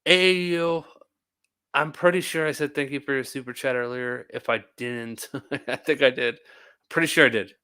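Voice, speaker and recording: A man's voice: mid-range voice, steady tone, normal speed, pushed and bright, clean tone. Tired, rambling male live-streamer. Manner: rambling, tired and talkative, laughs often. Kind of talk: casual live-stream chat.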